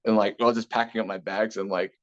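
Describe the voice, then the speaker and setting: A young man telling a story from his school days in a relaxed interview, talking casually with many fillers and restarts. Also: on the low side, fast. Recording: slightly dull lo-fi sound.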